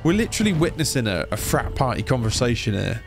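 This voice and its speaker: An excitable young man talks through his video game playthrough, yelping and joking as things happen on screen. His pitch sits in a middle range, and steady game music plays behind him. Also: fast, gravelly. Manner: excitable, chatty, exclamatory. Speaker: gaming YouTuber. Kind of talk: let's play commentary.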